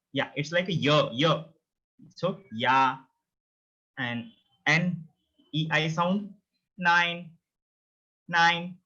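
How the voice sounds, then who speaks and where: A man's voice: on the high side, sharp tone. A man teaching a beginner language lesson, patiently repeating each word many times and explaining pronunciation step by step. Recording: dull lo-fi recording.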